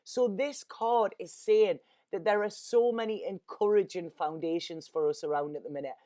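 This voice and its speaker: A woman's voice: fairly low pitch, normal speed, warm tone. A woman, a tarot reader talking in an earnest, rambling, emotional way and often repeating her words. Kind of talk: casual spiritual monologue.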